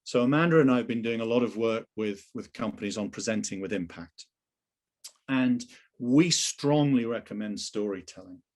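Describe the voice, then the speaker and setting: A man's voice: fairly low pitch, moderate pace. A middle-aged man presenting a webinar on a video call, coaching sales teams in a conversational way and putting questions to the audience.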